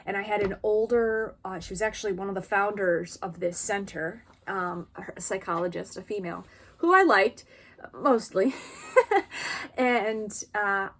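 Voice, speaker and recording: A woman's voice: mid-range voice, measured pace, a little hiss or hum. A woman vlogger talking frankly and expressively to camera about her own experience, in a casual personal style. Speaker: vlogger sharing lived experience.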